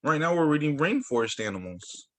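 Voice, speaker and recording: A male teacher reading picture books aloud to children over a video call, animated and expressive. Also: a little high, brisk.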